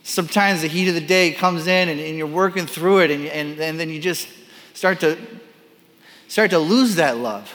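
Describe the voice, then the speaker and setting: A male pastor delivers a sermon with a fairly high voice and an animated, playful way of talking. He acts out the voices of the people he quotes and drops self-deprecating asides. The sound carries a long reverb, as in a large church auditorium. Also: normal speed.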